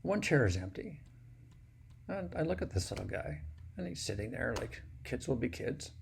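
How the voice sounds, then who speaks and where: A man telling a personal story in a plain, unhurried, folksy way. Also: medium pitch, sing-song, creaky, slight background noise.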